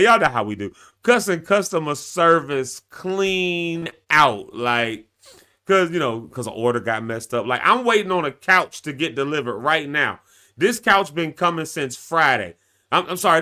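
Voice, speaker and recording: Animated, bright-voiced male live-stream host. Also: a little high. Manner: animated, laughing, talks straight to viewers. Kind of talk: casual live-stream monologue.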